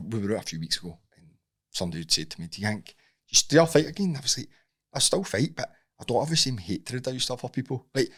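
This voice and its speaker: Scottish man, fast talker, lowish voice, animated sweary storyteller, podcast guest. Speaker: guest, Muay Thai coach. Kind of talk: casual podcast chat.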